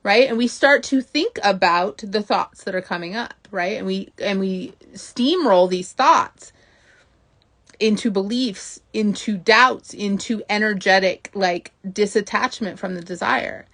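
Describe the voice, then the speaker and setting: Woman mindset coach, chatty, keeps going "right?", mid-pitch voice. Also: a little slow, fairly bright tone. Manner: chatty, says "right?" often, acts out inner voices. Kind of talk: motivational talk to camera.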